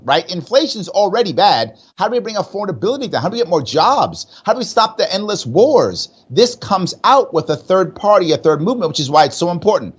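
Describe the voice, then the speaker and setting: Political guest, male, New York accent, animated and pushy, slightly high voice. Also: brisk, few pauses, slightly rough, muffled recording. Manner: emphatic, rhetorical questions. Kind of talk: political interview on radio.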